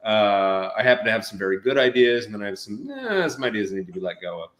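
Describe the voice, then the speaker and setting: An actor chatting as an interview guest, rambling with many fillers and restarts. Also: male voice, fairly low pitch, very animated, fast talker, fairly bright tone, roomy sound. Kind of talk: casual interview chat.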